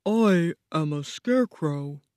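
A woman's voice: deep voice, animated, slow pace, a little mellow, no room sound, studio quality. A woman voicing a timid straw scarecrow. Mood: earnest. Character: humble male scarecrow stuffed with straw. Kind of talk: storybook reading.

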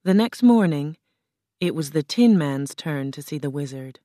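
A woman narrating a children's storybook in a calm, clear, measured way. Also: low-pitched, no echo, clean studio sound. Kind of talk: storybook reading.

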